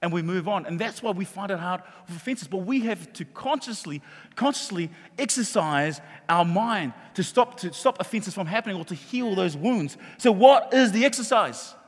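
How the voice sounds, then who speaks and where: A pastor preaches with a bright, high-pitched voice. He is animated and joking, and he stumbles over repeated words. The sound rings with the long reverb of a hall. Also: normal speed. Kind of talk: sermon. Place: church hall.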